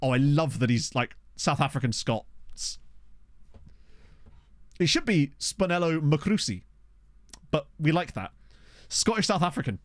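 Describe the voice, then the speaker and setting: A man giving casual, excitable let's-play commentary, chatting to his viewers from a desk mic. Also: a little high, measured pace, long pauses, dry recording, studio quality. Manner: chatty, excitable, talks to chat. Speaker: game streamer. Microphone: desktop USB microphone.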